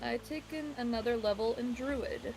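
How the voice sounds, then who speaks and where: Female player over clear music. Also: a little high, moderate pace. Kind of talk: casual tabletop play.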